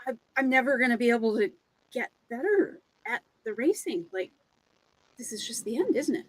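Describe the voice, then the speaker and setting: A woman's voice: sits high, animated, takes it slowly, darkish tone, slightly rough, voice pushed up, heavily acted, poor audio. A woman voicing an earnest male pirate marathon runner who pleads and panics. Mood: panicked. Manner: anxious, pleading, rising to panic.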